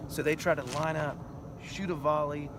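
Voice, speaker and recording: A man's voice: on the high side, steady tone, moderate pace. A man explaining things patiently and matter-of-factly to a companion while walking outdoors on a hillside. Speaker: tour companion explaining history. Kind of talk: casual explanatory chat. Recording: outdoor recording with road noise.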